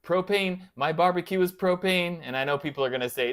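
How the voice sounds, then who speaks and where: A man's voice: sits high, a little fast, fairly bright tone, clean tone. A man hosting a casual livestream, chatting and answering viewer comments aloud in a playful, self-deprecating way. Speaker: livestream host of a guitar channel. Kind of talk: casual live-chat banter.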